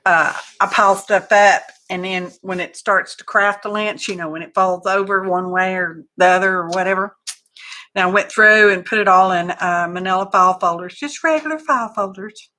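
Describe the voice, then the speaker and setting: Folksy woman, craft livestream host, bright and chatty. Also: mid-range voice, moderate pace. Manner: chatty and folksy, greets viewers by name, says y'all. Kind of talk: casual live craft chat.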